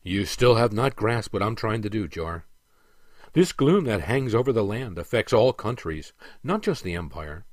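A stern aging emperor in an audiobook, measured and commanding as he lectures, read by a man. The voice sits low. The sound is dry and close. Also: animated, dry recording.

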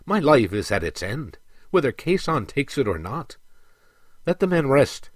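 A man doing an aging dwarf king near the end of his life, speaking in firm, commanding declarations. The pitch moves expressively. The sound is close and dry, with no room around it. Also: big pitch swings, unhurried, dry recording. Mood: stern commanding. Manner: firm, declarative, louder than the narration. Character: old dying dwarf king, stern and commanding. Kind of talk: audiobook character reading.

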